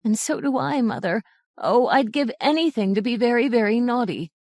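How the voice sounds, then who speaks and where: A woman's voice: expressive, moderate pace, a little mellow, no room sound, natural voice. Small storybook girls plead through sobs in raised, childlike tones, as a woman reader puts them on. The sound is close and dry. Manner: sobbing, pleading, higher child voice.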